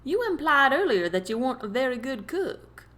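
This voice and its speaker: A woman's voice: high voice, sing-song, moderate pace, fairly bright tone, voice pushed up. A woman voicing a cheerful, adventurous young man in an audiobook reading. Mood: friendly. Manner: playful, laughing.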